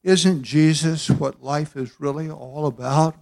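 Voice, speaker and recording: A man's voice: on the high side, fairly even intonation, unhurried, gravelly, a little mellow. A man in his eighties from Southern California, preaching a folksy, chatty sermon in a church sanctuary with plenty of fillers. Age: 80s. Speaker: pastor.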